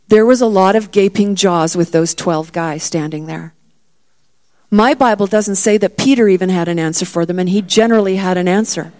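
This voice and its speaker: Speaking at a normal pace in a slightly mellow mid-range voice, a middle-aged female preacher tells her sermon as a story. She plays the parts of the disciples, raising her voice with growing emphasis on every point.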